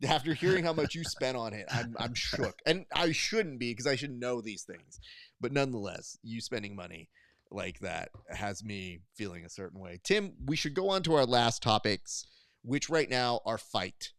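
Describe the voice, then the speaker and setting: A man's voice: mid-range voice, moderate pace, no room sound, studio quality. A man co-hosting a podcast in casual chat, telling stories and acting out quotes in other voices. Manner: animated storyteller, acts out quotes. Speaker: podcast co-host.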